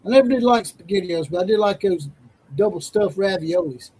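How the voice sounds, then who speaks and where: A man's voice: sits high, expressive, a little fast, warm tone, slight background noise, rough recording. A man co-hosting a live sports watch party stream, laid-back as he reads viewer comments aloud. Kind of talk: casual live-stream chat.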